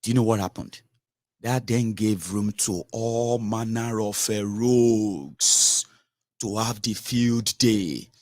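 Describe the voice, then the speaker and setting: A man's voice: on the low side, takes it slowly, darkish tone, dry recording, studio quality. A man giving political commentary in an emphatic, scolding manner, with many rhetorical questions to his listeners.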